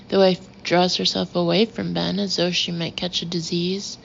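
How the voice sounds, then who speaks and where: Lady narrating a story, low voice, kinda muffled lo-fi sound. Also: little pitch movement, moderate pace, gravelly, few pauses. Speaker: audiobook narrator. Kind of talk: first-person audiobook narration. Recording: dull lo-fi audio with faint hiss.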